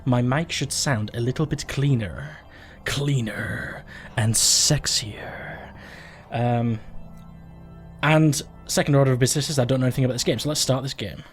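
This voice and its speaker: Dude doing game commentary at home, rambly and jokey, swears a lot, middle pitch. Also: male voice, fast talker, few pauses, faint music behind. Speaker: let's play host.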